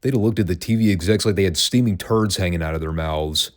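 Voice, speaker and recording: Man, very low voice, solo podcast host, wry and sarcastic, chatty. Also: fast. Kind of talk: casual commentary, solo podcast.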